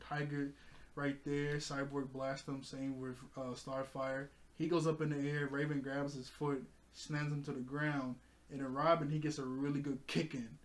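A fairly high-pitched man casually recaps a cartoon episode on his channel. He gets excitable, laughing often and now and then breaking into loud exclamations.

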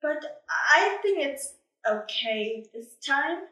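A woman's voice: high voice, expressive, extremely slow, sharp tone, distant mic, full character voice. A woman voicing a cheerful, friendly young male panda in a storybook reading, talking in an eager, upbeat way. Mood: kind. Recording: echoey room, away from mic.

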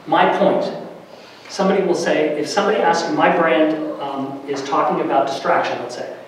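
A middle-aged man giving a lively workshop lecture to faculty, varying his loudness for emphasis, with many fillers. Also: fairly high pitch, normal speed, noisy background. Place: large lecture room. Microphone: distant room mic. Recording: very echoey hall from far off.

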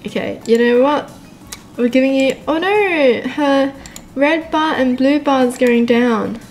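A woman hosting a let's-play video, giggly and excitable, laughing often as she comments. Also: high-pitched, measured pace, faint music behind. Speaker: gaming video host.

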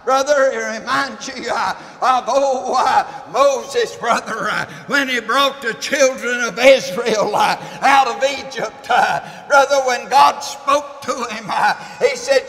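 Man preacher, very high and slow, "uh"-chant delivery, long church reverb. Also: some chatter behind. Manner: rhythmic "uh" after every phrase, often says brother; rises to shouting as he builds. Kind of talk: chanted Baptist sermon. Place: church sanctuary.

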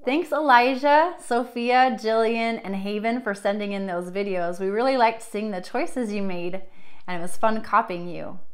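A young woman teaching a children's music class, encouraging and sing-song, drawing her words out for little kids. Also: medium pitch. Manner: bright, encouraging, slow and drawn out for young children.

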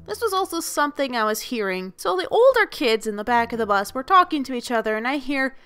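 A woman who works as a school bus driver, telling her stories as narration for an animated video in an expressive, lively way. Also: high-pitched, quick pace, hardly any pauses, smooth. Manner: lively, expressive storyteller who acts out the people she quotes.

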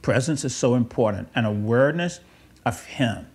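Husky-voiced male preacher. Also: medium pitch, normal speed. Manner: rambling, self-correcting, with asides and soft chuckles. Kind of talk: conversational sermon.

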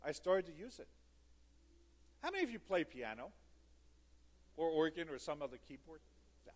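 A man giving a conference talk, telling an animated, theatrical story with emphatic repetition. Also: fairly high pitch, normal speed. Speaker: conference speaker. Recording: long hall reverb.

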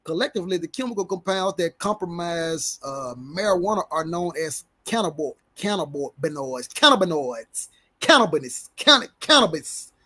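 Dude with a high voice, slangy casual commentary, trips over big words. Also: male voice, moderate pace, slightly rough. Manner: animated, stumbles over big words, slangy banter with viewers. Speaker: reaction commentator. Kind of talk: casual commentary reading a report aloud.

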